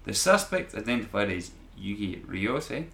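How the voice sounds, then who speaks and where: Bright-voiced man reading news, echoey room. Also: on the low side, big pitch swings, normal speed, creaky. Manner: stumbles and repeats words while reading aloud. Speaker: podcast co-host reading news stories. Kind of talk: casual news reading with banter. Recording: echoey room with faint noise.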